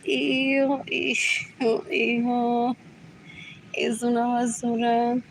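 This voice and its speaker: This livestream host has a fairly high, monotone, creaky voice and speaks slowly. The low-quality recording carries a slight hiss or hum. Alone on stream, she rambles, mutters, repeats herself and changes language partway through sentences.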